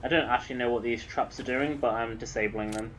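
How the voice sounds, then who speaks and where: A man's voice: medium pitch, steady tone, fast talker, noisy background. An English man giving rambling, casual commentary while streaming a video game, swearing now and then. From England.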